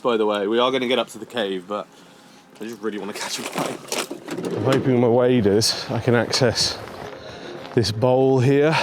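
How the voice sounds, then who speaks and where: A man's voice: mid-range voice, background noise. Chatty man fishing outdoors. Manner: chatty, self-mocking, talks to the fish. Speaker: outdoor vlogger. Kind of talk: casual talk to camera while fishing and hiking. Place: outdoors by a lake. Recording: music playing behind the voice.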